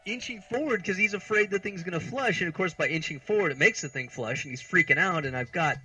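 This thirtysomething American co-host talks fast in a high, pushed, bright voice with a breathy edge, telling exasperated, self-mocking stories for laughs. Faint music sits behind him on a low-quality recording.

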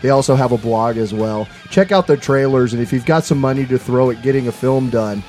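A man's voice: medium pitch, brisk, darkish tone. Guy doing podcast plugs, uh uh uh, easygoing middle voice, faint music. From Seattle area. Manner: rambling, heavy on "uh" fillers. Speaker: podcast co-host. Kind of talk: casual chat and plugs.

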